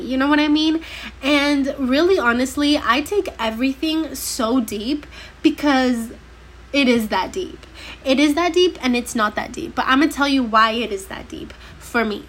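A young woman chats on her solo podcast with a slightly high voice, her nose a little stuffed from a cold. Her manner is slangy and emphatic. A faint hiss sits under the recording. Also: moderate pace. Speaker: podcast host. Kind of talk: casual solo podcast chat.

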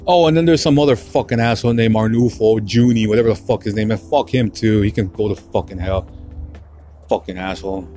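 Brisk and mellow, on the low side, the young host speaks over soft background music. Alone on his podcast, he recounts painful memories with heavy swearing and repetition, stumbling over words and getting choked up close to tears.

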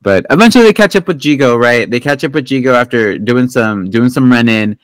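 Male podcast host, mid-pitched, rambling and profane, dry close sound. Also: animated, a little fast, no room sound, low-quality recording. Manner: rambling, profane, full of fillers and restarts. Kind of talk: casual movie recap chat.

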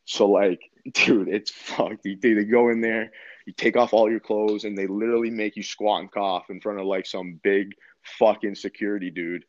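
Young canadian dude telling a story, chill, swears a ton, kinda low voice, dull dry sound. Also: male voice, fairly even intonation, moderate pace, no echo. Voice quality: laid-back, heavy swearing, lots of "like". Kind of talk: casual storytelling. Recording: dull, slightly muffled dry recording.

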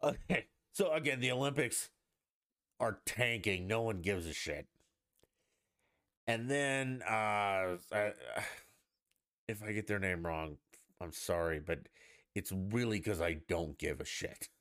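A man's voice: on the low side, slow, pauses often, a bit bright, dry recording, clean studio sound. A man hosting a podcast, ranting in a blunt, profane and mocking way in a casual monologue. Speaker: podcast host.

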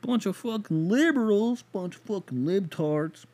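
A man putting on a crude Southern drawl, voicing a loud sneering bigot. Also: sits high, lively intonation, a little slow, pitched above the performer's own voice. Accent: put-on Southern US. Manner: coarse, sneering.

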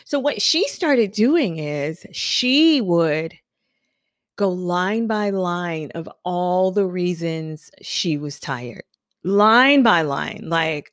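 A woman's voice: mid-range voice, sing-song, very slow, fairly bright tone, no room sound, clean studio sound. A woman hosting a podcast who gives an emphatic motivational monologue, repeating affirmations and telling stories. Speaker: podcast host.

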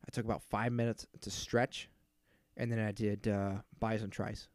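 A man's voice: fairly low pitch, little pitch movement, moderate pace, darkish tone, no room sound, clean studio sound. A man in his thirties hosting a casual solo podcast, ranting in an exasperated, profane way and mocking the people he quotes. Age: 30s. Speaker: podcast host.

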